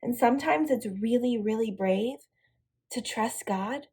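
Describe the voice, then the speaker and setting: A woman's voice: a little high, a little slow, mellow, husky. A young woman leading an online devotional lesson for a girls' youth group, upbeat and encouraging as she speaks straight to the girls.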